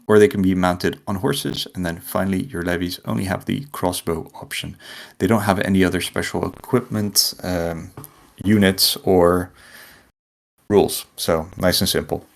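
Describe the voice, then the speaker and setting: A man's voice: low-pitched, vocal fry. A man co-hosting a casual tabletop wargame podcast, talking in a loose, rambling way full of fillers and restarts. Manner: rambling, lots of likes and restarts. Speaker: podcast co-host.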